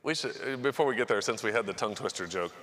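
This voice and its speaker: A man's voice: fairly low pitch, lively intonation, rapid-fire, a bit bright. A man hosting a live charity event, telling jokes in a loose, chuckling way. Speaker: event host.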